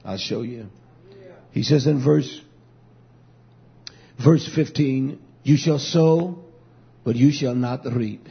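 A man preaching a fiery sermon, swinging between loud declarations and low, muttered asides. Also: slow, creaky, long pauses, breathy edge. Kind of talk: fiery street-style sermon. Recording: dull lo-fi recording.

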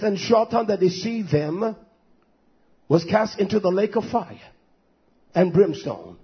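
A man's voice: sits high, breathy edge, dull audio. A man preaching a sermon, firing off rhetorical questions and repeating his points for emphasis.

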